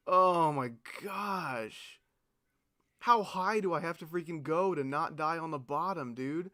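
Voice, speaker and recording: A man's voice: fairly high pitch, slow pace, bright, forceful tone, smooth. A man streaming a game, talking in exasperated, incredulous bursts and swearing as he breaks down a failed attempt. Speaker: gaming streamer. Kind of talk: frustrated live gameplay commentary.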